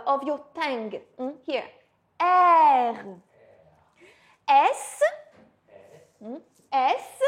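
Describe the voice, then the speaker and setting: A woman, a teacher patiently coaching pronunciation and often checking in with "hmm?". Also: sits high. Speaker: French teacher. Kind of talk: pronunciation lesson.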